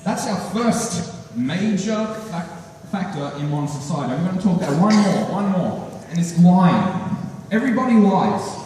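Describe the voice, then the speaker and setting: Teenage boy, high-voiced stand-up comic, animated delivery; far-off recording in a reverberant hall. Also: moderate pace, a little hiss or hum. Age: teens. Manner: animated, acts out characters with voice changes. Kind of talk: stand-up comedy routine. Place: school hall at a talent show.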